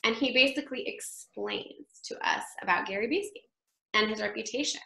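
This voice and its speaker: A woman actress telling an anecdote as an interview guest, animated and chatty, laughing often and acting out what others said. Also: on the high side, a little fast, vocal fry, echoey room, low-quality recording.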